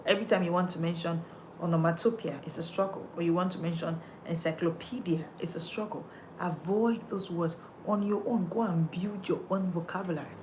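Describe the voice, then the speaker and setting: A woman's voice: lowish voice, background noise. A woman, coaching listeners on how they speak, emphatic and repetitive as she drives each point home. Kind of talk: motivational coaching talk.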